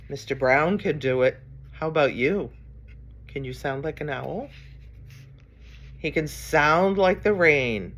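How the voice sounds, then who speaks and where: A woman's voice: low-pitched, measured pace, muffled recording. A woman reading a picture book aloud for story time, playfully acting out the noises and coaxing children to join in. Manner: playful, acts out animal and sound noises, coaxes listeners to join in.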